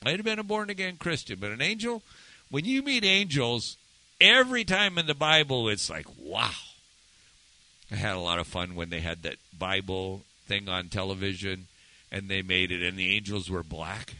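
Animated, bright-voiced male preacher. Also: normal speed, rough recording. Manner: conversational, asks listeners questions, swings pitch for emphasis. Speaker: pastor. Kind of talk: sermon.

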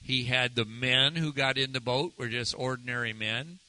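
A man teaching a Bible lesson in a conversational, animated way, retelling passages and asking his listeners questions. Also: medium pitch, moderate pace, dry recording, low-quality recording. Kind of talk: informal sermon teaching.

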